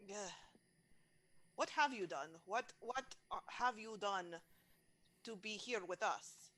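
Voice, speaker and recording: A woman's voice: mid-range voice, fairly quick, lightly acted. A woman voicing a blunt, impatient character with an exaggerated put-on Russian accent. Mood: scolding. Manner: blunt, scolding.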